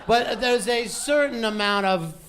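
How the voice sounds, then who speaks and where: A man's voice: very high-pitched, measured pace, fairly bright tone, a little hiss or hum. A man on a comedy club stage fielding audience questions with a wry, teasing manner. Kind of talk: live stage Q&A banter.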